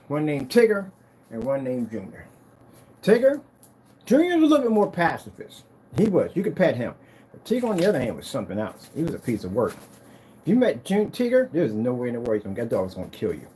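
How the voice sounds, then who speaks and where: A man showing off his business's screen paint in a casual vlog, talking in an excitable, rambling, hyped-up way. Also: mid-range voice, slight background noise. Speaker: screen paint business owner demonstrating products. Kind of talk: casual product demo vlog with storytelling.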